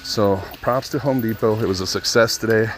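A low-pitched man talks in a loose, rambling vlog monologue, swearing freely as he goes. He speaks into a phone pressed to his ear while walking through a big store, with a faint hiss under his voice. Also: fairly quick. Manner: rambling, profane storytelling. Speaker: vlogger. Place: inside a large store. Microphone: phone held to his ear.

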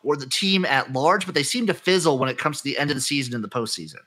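Bright-voiced, ranting sports podcast host. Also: male voice, medium pitch, expressive, fast talker. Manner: profane, ranting, exasperated. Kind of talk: casual sports chat.

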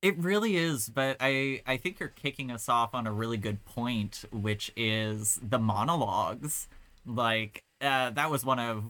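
A man's voice: medium pitch, measured pace, bright, forceful tone. A man co-hosting a podcast in casual chat, upbeat and agreeable. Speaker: podcast co-host.

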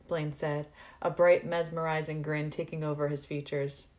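A woman reading a fan fiction story aloud in a measured, unhurried narration. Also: deep voice, flat delivery, a little mellow. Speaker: story reader.

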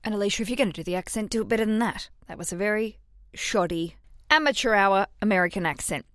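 A woman's voice: mid-range voice, fast, a bit bright, no room sound. A woman in her thirties hosts her own podcast from a small booth at home, talking in a loose, chatty way. She keeps breaking off into self-mocking asides. The sound is close and dry, with no room around it. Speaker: podcast host. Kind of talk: casual solo podcast chat. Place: recording booth in a city flat.

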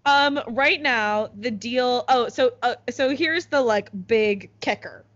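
A woman's voice: on the high side, slow pace, fairly bright tone. Young woman, casual explainer, chatty, filler-heavy, slightly muffled lo-fi sound. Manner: chatty, many "like"s, laughs at own jokes. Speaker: co-host explaining news.

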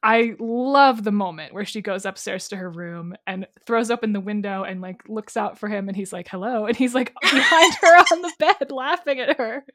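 A woman's voice: mid-range voice, normal speed, few pauses, fairly bright tone, no room sound, clean studio sound. A woman co-hosting a casual book discussion podcast, eagerly summarizing chapters. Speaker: podcast co-host.

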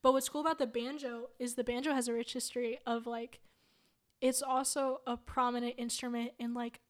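A woman chatting casually about a film with a friend, animated and full of fillers. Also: a little high, fairly quick.

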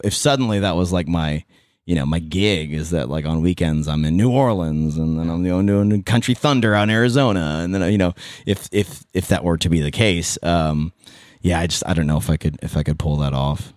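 A man with a Californian accent and a low voice, telling stories on a podcast. He rambles, restarts sentences and throws in animated asides. The sound is dry and close to the mic. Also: no echo. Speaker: podcast guest, former radio host and event MC. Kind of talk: casual interview chat.

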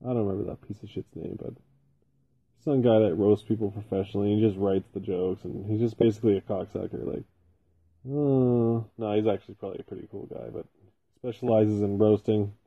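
A man's voice: fairly low pitch, steady tone, a little fast, husky. A man hosting a solo podcast from his basement, rambling casually and swearing constantly. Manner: profane, rambling, heavy swearing. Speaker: podcast host. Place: home basement. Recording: tinny phone-like sound.

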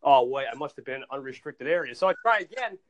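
On a muffled recording, a male podcast host speaks fast in a mid-range voice. He's chatting casually and telling stories with animated excitement, repeating words often.

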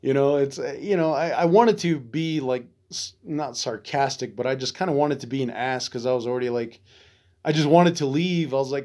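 Blunt, swearing veterans podcast host. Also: male voice, medium pitch, moderate pace, a little mellow. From Arizona. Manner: loose and profane, retells events with frustrated asides. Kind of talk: casual storytelling.

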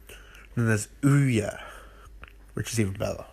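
A man's voice: fairly low pitch, moderate pace, vocal fry, long pauses, a little mellow, slightly rough. A man hosting a solo podcast at night, tired and sick with a runny nose, rambling and joking at his own expense while smoking at home. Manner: playful, rambling, self-mocking, repeats sung "ooh yeah". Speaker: podcast host. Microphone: phone recording.

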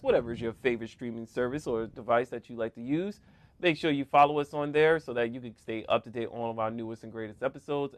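A man's voice: mid-range voice, no echo. Male podcast co-host, casual and jokey, laughs a lot, close dry mic. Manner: laughs often, animated and joking. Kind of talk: casual chat.

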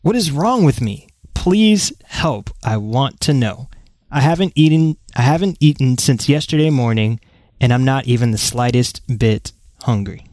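A man's voice: medium pitch, animated, unhurried, a little mellow, dry recording. A man reads a listener's letter aloud on an advice show. His delivery is plain and matter-of-fact. The recording is dry, with no room sound. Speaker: co-host reading listener letter. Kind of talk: reading a letter aloud, casual banter.

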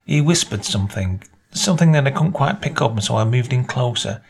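A man reading a short story aloud as narrator, in a measured storytelling manner. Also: expressive, vocal fry, slightly rough. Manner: measured storytelling, voices dialogue with small pitch lifts.

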